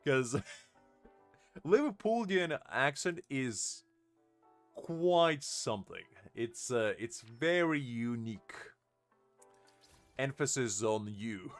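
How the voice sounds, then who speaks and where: A man's voice: mid-range voice, expressive, slow, faint music behind. A young man live-streaming a game, chatting casually, laughing often and answering his chat.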